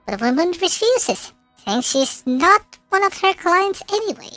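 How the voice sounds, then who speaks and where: A woman's voice: extremely high pitch, sing-song, a little slow, fairly bright tone, no room sound, faint music behind. A woman streamer reading game narration aloud, with occasional slips and self-corrections.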